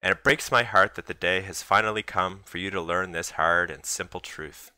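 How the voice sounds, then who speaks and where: Guy doing a joking dad in a hospital bed, all fake-grand and poetic, low voice. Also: fairly even intonation, normal speed, sharp tone, clear, resonant tone, no room sound. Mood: mock-solemn. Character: teasing ill father, mock-solemn and earnest.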